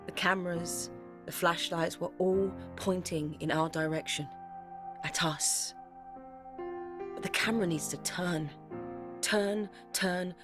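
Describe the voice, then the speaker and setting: A woman's voice: mid-range voice, natural voice. An actress playing a young daughter who narrates her search into her family's past in an audio drama. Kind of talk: present-tense dramatic narration.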